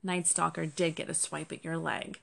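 A woman voicing an old, protective male black bear, speaking low and steady in a storybook reading. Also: normal speed, gravelly, heavily acted. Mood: grave, kindly.

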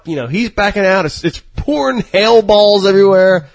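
A man's voice: sits high, moderate pace. A man co-hosting a casual talk show, telling a rambling story and teasing his friends.

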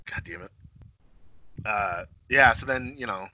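A man's voice: on the low side, a little slow, pushed and bright, dry recording, lo-fi sound. A young man co-hosting a casual podcast, profane and self-deprecating, laughing often. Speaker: podcast co-host.

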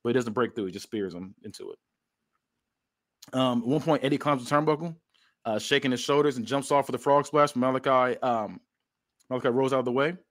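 A man's voice: mid-range voice, brisk, fairly bright tone. A man casually recapping a match blow by blow, rambling with lots of fillers. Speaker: podcast host.

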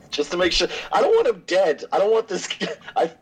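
Male player, husky and lively, jokey in the game chat. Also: high-pitched, moderate pace. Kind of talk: tabletop role-play chat.

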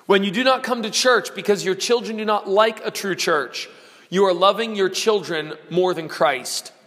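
A man preaching a sermon, dramatic, acting out quoted voices and shouting out lines. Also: high-pitched. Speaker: pastor. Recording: long reverb of a large hall.

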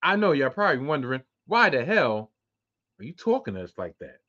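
A man's voice: medium pitch, very animated, brisk, pushed and bright. A man in his forties hosting a solo podcast, ranting with a lot of profanity. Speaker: podcast host. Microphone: close to webcam. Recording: dull lo-fi sound.

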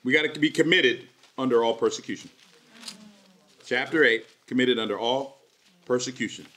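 A man preaching an energetic sermon at a church service, joking and doing playful voices while the congregation answers him. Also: mid-range voice, moderate pace, a little hiss or hum. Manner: lively, jokey preaching with playful put-on voices. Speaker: pastor.

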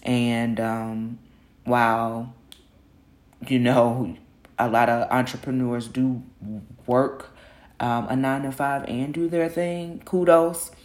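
A woman's voice: rumbling low, little pitch movement, slow, darkish tone. A middle-aged woman hosting a casual solo podcast, talking candidly in slangy, self-encouraging speech, openly nervous, her voice groggy from the early morning. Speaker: podcast host.

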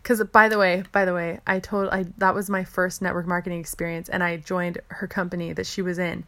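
A young woman recounts her own story in relaxed, casual speech. She is chatty and keeps acting out what she and others said. Her voice has a noticeable gravelly fry. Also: on the low side, fairly quick. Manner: chatty, full of "like" and restarts, quotes herself and others. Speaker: stay-at-home mom telling her story.

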